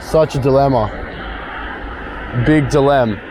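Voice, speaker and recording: A young man filming a casual photography vlog outdoors, talking excitedly, often swearing and complaining when he misses shots. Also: fairly high pitch, a little slow, pauses often. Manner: excitable, swearing, frustrated outbursts. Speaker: photography vlogger. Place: outdoors by a busy road and racetrack. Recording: outdoor street noise. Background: passing cars.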